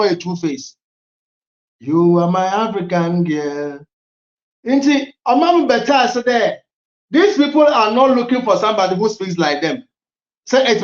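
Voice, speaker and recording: Middle-aged ghanaian guy, high voice, chatty storyteller, roomy slightly dull sound. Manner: mixes languages, laughs often, animated storytelling. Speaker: guest. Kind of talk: casual interview talk.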